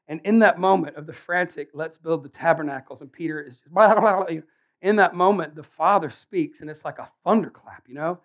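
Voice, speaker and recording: A man preaching a sermon in a casual, animated way, joking and acting out Bible characters. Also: a little high, brisk.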